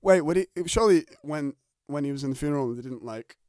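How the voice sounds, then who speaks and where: A man with a fairly high, slightly mellow voice hosts a podcast from his bedroom, chatting quickly and animatedly in a rambling, jokey, crude style and laughing often. The recording is dry, with a clean studio sound.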